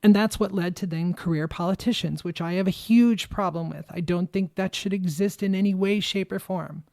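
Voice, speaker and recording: Gravel-voiced woman ranting on a podcast. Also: fairly low pitch, normal speed, warm tone, no room sound, studio quality. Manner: angry, emphatic, swears freely. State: shaking with anger. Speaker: podcast host. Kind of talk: impassioned political monologue.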